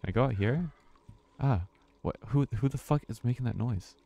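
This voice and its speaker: A man's voice: medium pitch, moderate pace, creaky, dark tone. A man streaming a horror game, talking to himself with nervous laughs and swearing. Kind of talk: casual let's-play commentary.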